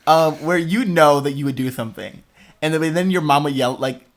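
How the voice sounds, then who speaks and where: A young man hosting a podcast in casual chat, expressive and dramatic, laughing often. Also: fairly high pitch, a little fast. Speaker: podcast host.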